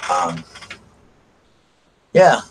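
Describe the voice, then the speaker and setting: A man's voice: sits low, very animated, very slow, slight background noise, low-quality recording. Chatty Southern man hosting a live stream. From South Carolina, US. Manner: chatty and gushing, greets viewers by name. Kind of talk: casual live-stream chat with viewers. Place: at home.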